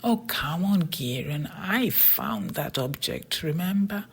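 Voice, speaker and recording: Narrator doing a whiny pleading boy twin, sulky, breathy storybook voice. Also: mid-range voice, animated, slow, fairly bright tone, full character voice. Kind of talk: storybook character voice.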